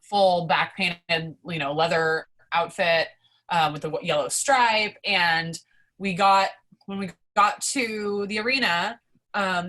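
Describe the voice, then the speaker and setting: Excitable, foul-mouthed young woman storyteller. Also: fairly low pitch. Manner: excitable, profane, heavy use of "like". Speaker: podcast guest. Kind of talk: casual storytelling.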